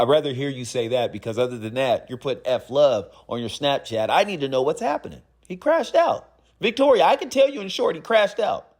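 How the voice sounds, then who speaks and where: Young guy w/ AAVE roasting some chat drama, loud animated swings, mocking and jokey. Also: mid-range voice. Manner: animated, mocking, rhyming riffs. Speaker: gaming commentator reading chats. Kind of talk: comedic commentary on screenshots.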